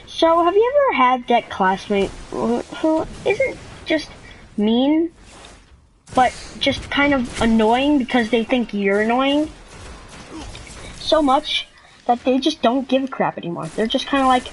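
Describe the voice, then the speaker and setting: A woman's voice: sits high, sing-song, unhurried, slight background noise, rough recording. A teenage girl telling a rambling, chatty school story to camera, full of fillers and asides. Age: teens. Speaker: student vlogger.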